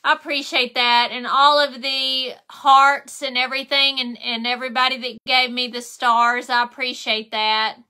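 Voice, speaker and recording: Woman, craft stream host, high bright voice, relaxed slow chat, friendly thank-yous to viewers. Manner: chatty, thanks viewers by name, laughs often. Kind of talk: casual live chat while painting.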